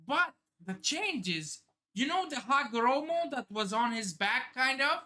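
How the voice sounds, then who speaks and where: A woman streamer with a bright, sharp voice pitched a little high, reacting live to a comic. She talks slowly and thinks out loud, breaking into exclamations and casual swearing. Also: lively intonation. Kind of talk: excited live reaction commentary.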